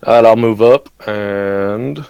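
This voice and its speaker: A man playing a tabletop game, calm and measured. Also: on the low side, gravelly, muffled recording, crowd noise. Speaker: player.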